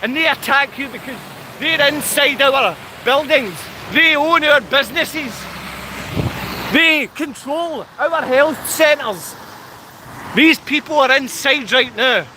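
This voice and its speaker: A man's voice: very high-pitched, takes it slowly, background noise. A man with a Scottish accent, talking straight to his viewers in an intense, combative rant that keeps repeating its points. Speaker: channel host. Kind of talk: ranting live talk to viewers.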